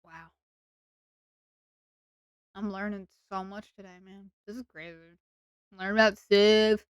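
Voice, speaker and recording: Playful, self-mocking woman streamer with a smooth voice. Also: medium pitch, steady tone, measured pace, dry recording, studio quality. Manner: playful, rambling and self-mocking, with sudden loud whiny bursts. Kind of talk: casual live-stream chat.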